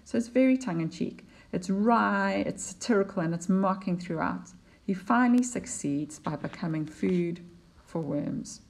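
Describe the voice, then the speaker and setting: A woman teaching a poetry lesson, explaining slides in an unhurried way with fillers and restarts. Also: mid-range voice, expressive, vocal fry.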